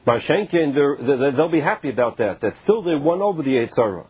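High-voiced man teaching a Talmud class. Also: expressive, breathy edge, no echo. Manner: reads Aramaic phrases slowly, then explains in casual English with many "like"s. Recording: muffled, dull and dry lo-fi recording.

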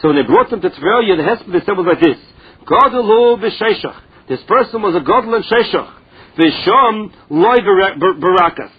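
Husky-voiced man teaching a Talmud lesson. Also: sits high, expressive, a little fast. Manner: reads a phrase then explains it in plain words. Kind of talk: Talmud lesson, reading and translating. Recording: dull lo-fi recording.

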